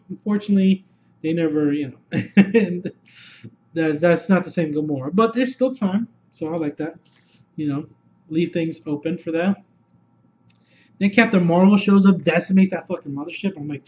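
A man giving an excitable, rambling, unscripted review full of swearing, recorded on a dull lo-fi setup. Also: a little high. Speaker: movie reviewer.

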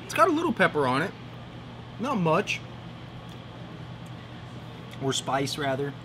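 A man's voice: on the high side, wildly swooping pitch, measured pace, noisy background. A man co-hosting a cigar review, chatting in a playful, rambling way. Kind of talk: casual chat.

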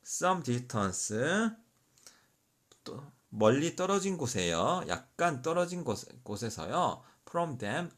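A man teaching an English Bible passage, reading each phrase slowly and then translating it quickly, often correcting himself mid-word. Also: medium pitch, sing-song. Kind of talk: slow English reading with Korean explanation.

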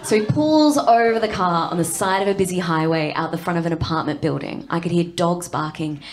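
A young Australian woman performing stand-up comedy, chatty and quick to act out lines, tagging jokes with "right?". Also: on the low side, noisy background. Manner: chatty, lots of "right?" tags, acts out lines.

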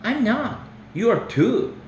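A man putting on a whiny little boy's high voice. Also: sing-song, takes it slowly, darkish tone, a little hiss or hum, heavily acted. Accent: Korean. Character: whiny little boy, youngest brother. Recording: roomy echo.

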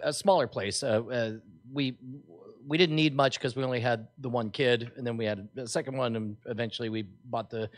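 A middle-aged man co-hosting a podcast, telling a story in a rambling, hesitant way with many fillers and restarts. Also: mid-range voice. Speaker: podcast co-host. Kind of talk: casual storytelling chat.

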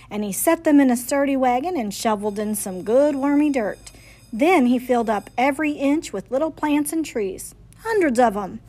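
A woman reading a picture book aloud at library storytime, with expressive, playful storytelling. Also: sits high.

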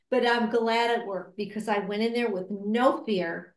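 A woman being interviewed about her work at a cancer support center, speaking earnestly and reflectively, with many hesitations and restarts, and acting out quoted remarks in a higher voice. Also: steady tone, a little slow, a bit bright. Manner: acts out quoted remarks with raised pitch. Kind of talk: casual interview conversation. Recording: roomy echo.

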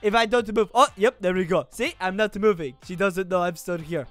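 A woman giving silly, animated gameplay commentary as a gaming YouTuber, full of exclamations. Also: medium pitch, a little fast, dry recording, faint music behind.

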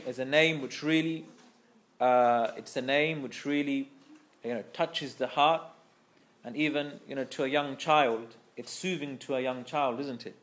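Man patiently lecturing on scripture. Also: mid-range voice. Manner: explains patiently, often repeats phrases and asks "okay?"; pronounces Arabic terms carefully and with emphasis. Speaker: Islamic teacher.

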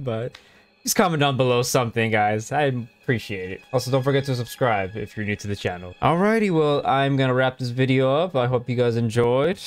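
A man hosting a let's play channel, commentating excitably, swearing and exclaiming as he plays. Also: mid-range voice. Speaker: gaming channel host.

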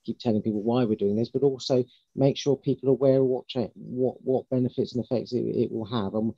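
A man's voice: medium pitch, fairly even intonation, brisk, vocal fry, breathy edge, dry recording. A man answering a council committee's questions candidly over a video call, often repeating and correcting himself. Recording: dull lo-fi video call audio.

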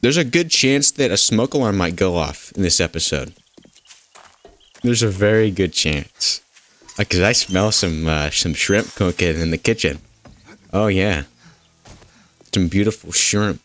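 Deep-voiced jokey gaming host. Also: male voice, lively intonation, unhurried, pauses often, fairly bright tone. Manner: jokey, rambling, talks to game characters. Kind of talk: goofy gameplay commentary.

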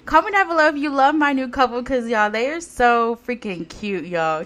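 Lively, high-voiced woman gaming YouTuber. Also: moderate pace. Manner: animated, laughs often, swears, talks to viewers directly. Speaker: Sims gameplay YouTuber. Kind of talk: casual let's-play commentary.

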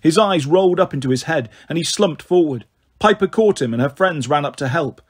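A man reading a novel aloud in a steady storytelling voice, giving the characters their own voices. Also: on the high side, brisk, breathy edge. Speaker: audiobook reader.

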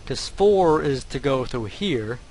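A man's voice: medium pitch, lively intonation, takes it slowly, a little mellow, a little hiss or hum. A man commentating his own gameplay, often muttering to himself and exclaiming in frustration. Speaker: let's play gamer.

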